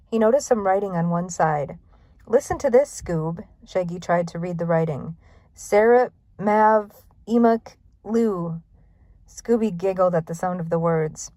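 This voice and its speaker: A woman narrating a children's mystery storybook in a clear, even reading voice. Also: fairly low pitch, moderate pace, dry recording. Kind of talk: storybook read-aloud.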